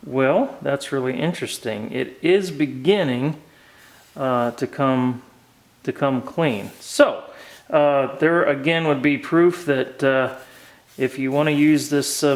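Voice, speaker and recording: A man hosting his own hobby channel, talking through a restoration project in a relaxed, hesitant way with many ums and uhs, recorded in a home workshop. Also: medium pitch, rough recording. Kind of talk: casual how-to narration.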